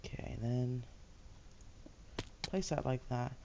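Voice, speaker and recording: Gravelly-voiced man rambling over gameplay. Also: mid-range voice, slow, darkish tone, highs cut off, a little hiss or hum. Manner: rambling, muttering to himself while building. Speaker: let's play host. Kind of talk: casual gameplay commentary.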